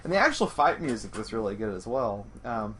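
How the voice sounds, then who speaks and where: A man hosting a casual podcast chat, rambling with many restarts and getting excitable. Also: fairly low pitch, brisk, a little hiss or hum. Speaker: podcast host.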